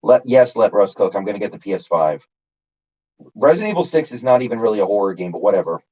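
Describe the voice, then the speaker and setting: A man's voice: on the low side, expressive, fast talker, darkish tone, rough recording. A man casually chatting on his live stream, answering chat by name with lots of fillers. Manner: rambling, reads chat names, many fillers.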